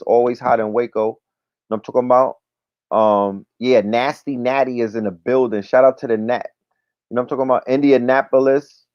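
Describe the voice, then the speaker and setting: A man's voice: medium pitch, dry recording. Slangy man hosting a dry lo-fi livestream. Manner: loose, slangy, repeats "you know what I'm talking about". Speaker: livestream show host. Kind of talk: casual livestream chat with viewer shout-outs. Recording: dry, dull lo-fi stream audio.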